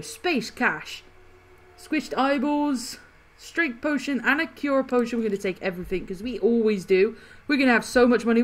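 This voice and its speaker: A woman hosting a gaming channel, chatting excitedly through casual gameplay commentary and laughing often. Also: mid-range voice.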